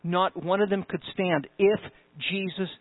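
Male pastor, sermon delivery, high voice, emphatic, thin phone-like audio. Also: steady tone, a little slow, no room sound. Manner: emphatic, rising with conviction, conversational asides. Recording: tinny phone-like sound, dry.

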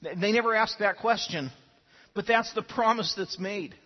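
A male pastor gives an earnest sermon in a high, husky voice, often repeating words as he starts his phrases. The recording is dull and lo-fi, with a long reverb trailing through a church hall. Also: normal speed. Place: church sanctuary.

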